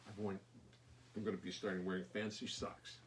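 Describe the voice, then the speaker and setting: A man's voice: flat delivery, a little fast, a little hiss or hum. An older man chatting casually from his home studio, rambling and self-mocking in murmured asides. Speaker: singer-songwriter and bassist. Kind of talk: casual live-stream chat between songs. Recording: distant mic, loud bass playing behind.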